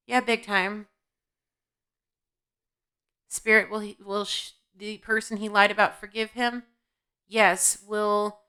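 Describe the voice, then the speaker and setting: Lady doing a psychic reading from home, bright clear voice, real blunt and judgy. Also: mid-range voice. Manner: blunt, scolding, talks back to spirit guides. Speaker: intuitive reader. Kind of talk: tarot-style spiritual reading to camera. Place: home, indoors.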